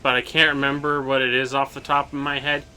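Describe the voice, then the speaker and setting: A man's voice: mid-range voice, flat delivery, a little fast, crowd noise. A young man co-hosting a video game let's play, chatting casually and sounding tired, with stammered restarts. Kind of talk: casual gameplay chat.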